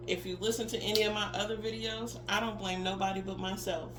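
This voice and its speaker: A woman's voice: mid-range voice, little pitch movement, fast talker. Woman tarot reader, blunt and profane, casual pep-talk delivery, roomy echo with faint background hum.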